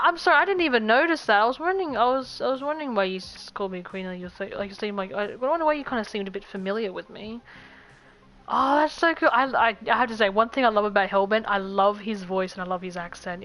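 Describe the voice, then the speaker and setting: A woman's voice: mid-range voice, fast, a bit bright, low-quality recording. A woman game streamer chatting casually to her viewers, rambling with frequent restarts and stumbles.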